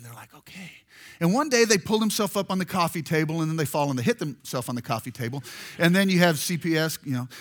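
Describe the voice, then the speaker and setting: A male pastor tells a story-driven sermon in a high, bright voice that leaps all over its range. He is jokey and animated, slipping into voices and shouting lines out for effect.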